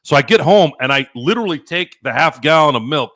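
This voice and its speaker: A man hosting a podcast, telling stories in casual chat, animated and profane, acting out his own past lines. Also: fairly high pitch, a little fast, dry recording, studio quality. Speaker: podcast host.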